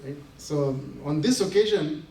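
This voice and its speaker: A man's voice: on the high side, a little slow, a little hiss or hum. Laughing man telling stories in a hall. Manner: animated, laughing often while acting out quotes. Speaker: invited speaker. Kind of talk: storytelling talk to an audience. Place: community center hall. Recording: roomy hall from a distance, faint ambience.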